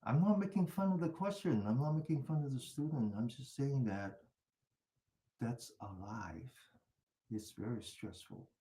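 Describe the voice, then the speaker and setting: Teaching mindfulness, this older man speaks in an unhurried, dark-toned voice of medium pitch, and the room is reverberant. His storytelling is chatty, full of laughs and frequent rhetorical "right?" questions.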